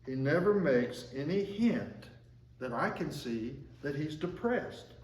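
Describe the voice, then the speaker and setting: A man preaching a sermon at a measured pace, slowing down when he quotes scripture. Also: fairly high pitch, expressive, darkish tone, recorded from a distance. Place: church sanctuary. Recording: echoey room, mic from afar.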